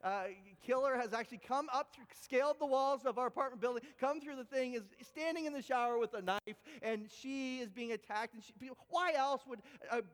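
A man preaching a sermon, telling a story with animated, expressive delivery. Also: brisk, few pauses. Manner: animated storytelling with big pitch swings. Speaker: pastor. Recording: echoey hall with long reverb.

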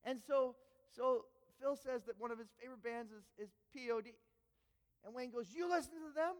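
Male pastor, high-voiced and animated, preaching in a big reverberant sanctuary. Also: normal speed. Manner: animated, repeats words when excited. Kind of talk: sermon storytelling. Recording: long hall reverb.

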